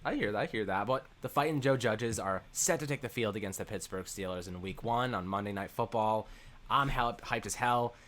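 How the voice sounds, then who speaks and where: A man's voice: lowish voice, fairly quick, fairly bright tone. A man hosting a sports podcast, talking upbeat and hyped in a loose, rambling way. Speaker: podcast host. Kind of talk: casual sports podcast chat.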